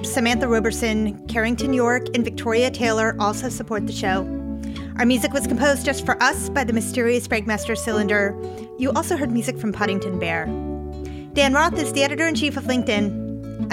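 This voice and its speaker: Woman reading credits over loud guitar. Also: fairly high pitch, a little fast. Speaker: show's editorial host. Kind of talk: scripted credits read. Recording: loud guitar music bed.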